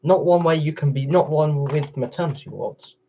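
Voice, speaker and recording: A man's voice: a little high, moderate pace, mellow, muffled recording, a little hiss or hum. A man chatting casually on a gaming livestream, arguing back and forth with his chat in a rambling way. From England. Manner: rambling, argumentative replies to chat.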